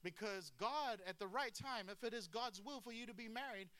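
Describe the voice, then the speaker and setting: A man preaching a lively sermon with humor and asides. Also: sits high, normal speed. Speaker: pastor.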